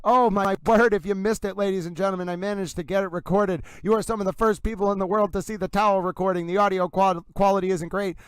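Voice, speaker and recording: A man hosting a live stream, talking casually and excitedly to his viewers and often calling out "ladies and gentlemen". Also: sits high, fast, hardly any pauses, clean tone, no room sound, poor audio. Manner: animated, exclamatory, addresses viewers as ladies and gentlemen. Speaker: livestream host.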